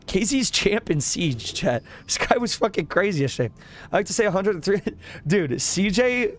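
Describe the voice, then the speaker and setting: While streaming a game, a young man chats casually with his viewers in a high-sitting voice. He rambles in slang, swears frequently, and laughs a lot.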